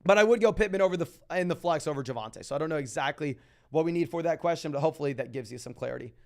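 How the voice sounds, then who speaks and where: A young man with a slightly high, gravelly voice hosts a fantasy football live stream. He reads viewers' questions out loud and answers in speedy, energetic sports talk.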